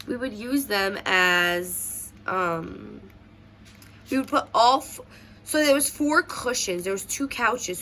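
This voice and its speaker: A woman's voice: on the high side, creaky, a bit bright, a little hiss or hum. A young woman vlogger telling childhood stories in a rambling, tearful way at home. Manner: emotional, rambling with many fillers. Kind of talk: casual personal storytelling. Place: at home doing makeup.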